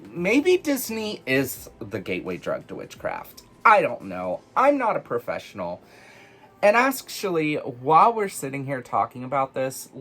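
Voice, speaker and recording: A man casually telling personal stories in an animated, chatty way, full of fillers, for his witchcraft vlog. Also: medium pitch. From United States. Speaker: witchcraft vlogger.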